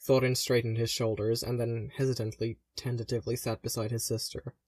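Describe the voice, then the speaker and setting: A man reading a fantasy story aloud in a gentle, measured narration. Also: mid-range voice, level tone, no room sound, studio quality. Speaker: audiobook reader. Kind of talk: fan audiobook narration.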